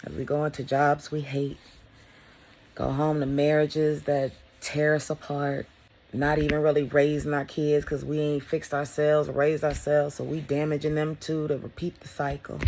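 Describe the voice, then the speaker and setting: A woman vlogger talking in a casual motivational monologue, blunt and profane, swinging between loud emphasis and hushed whispers. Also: very deep voice, gravelly, slight background noise.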